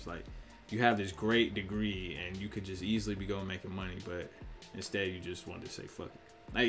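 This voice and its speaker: A man's voice: on the low side, a bit bright. A man giving a blunt, profane opinion rant full of slang, often acting out other people's lines. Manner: profane, blunt, slangy, acts out quick voices. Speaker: online commentator. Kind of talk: casual opinion rant to camera.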